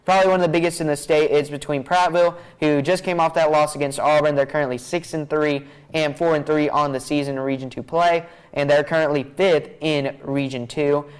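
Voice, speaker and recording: A man's voice: a little high, steady tone, a little fast, hardly any pauses, smooth, rough recording. Chatty young man hosting picks. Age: young adult. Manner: chatty, laughs easily, says y'all. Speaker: student broadcast host. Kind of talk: pregame picks show hosting.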